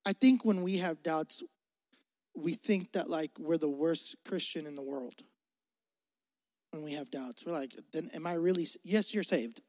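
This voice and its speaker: High pitched preacher guy, slangy and jokey, big echoey hall. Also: unhurried, long pauses. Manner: energetic, slangy, joking. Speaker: pastor. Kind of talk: sermon. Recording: long hall reverb.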